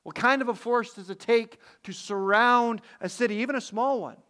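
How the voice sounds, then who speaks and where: A man's voice: extremely high pitch, moderate pace, bright, forceful tone. Reflective male preacher, rhetorical questions. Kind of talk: sermon.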